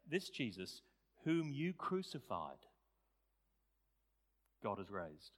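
A man preaching a sermon, animated and rising to loud, emphatic peaks. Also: fairly low pitch, takes it slowly, pauses often. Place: church. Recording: church hall reverb.

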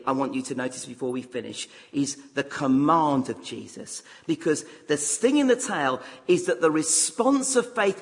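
Animated man preaching a sermon. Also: a little high, big-room sound. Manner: animated, rhetorical questions to the congregation.

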